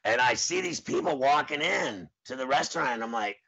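A man's voice: medium pitch, a little fast, gravelly, few pauses. A man in his forties hosting a show in casual chat, telling rambling stories and acting out what people said. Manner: rambling, animated storyteller who acts out quotes. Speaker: podcast host. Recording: dull lo-fi audio.

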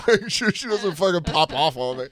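A man co-hosting a casual podcast chat, telling stories with lots of laughter and quick put-on voices. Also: high-pitched. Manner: animated storytelling with impressions and laughter. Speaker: podcast co-host.

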